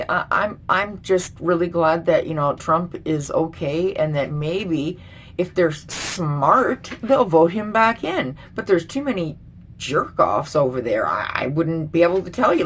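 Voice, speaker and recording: A woman's voice: on the low side, a little hiss or hum. Blunt, profane woman ranting. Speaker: vlogger. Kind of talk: casual ranting commentary.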